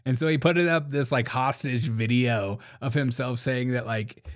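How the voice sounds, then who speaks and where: Male stream host, casual commentary, frequent laughter, slangy, mocking, mid pitch. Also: moderate pace, hardly any pauses. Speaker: live-stream show host.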